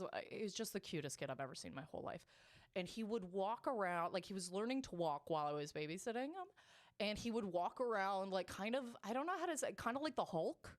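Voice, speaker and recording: A woman co-hosting a podcast, telling a story in casual chat with lots of swearing and laughter. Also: fairly low pitch. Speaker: podcast co-host.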